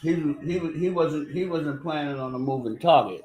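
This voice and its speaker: A man's voice: a little high, moderate pace, a little mellow, a little hiss or hum. A man co-hosting a casual boxing watch-along, blunt and talking over the broadcast. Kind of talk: casual fight commentary.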